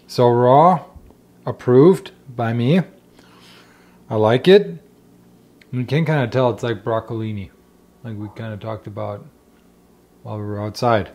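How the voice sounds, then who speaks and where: A man's voice: medium pitch, a little slow, long pauses, darkish tone. Chatty man with a German accent. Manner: chatty, thinking aloud while tasting and cooking. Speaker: homestead vlogger. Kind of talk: casual cooking vlog. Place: home kitchen.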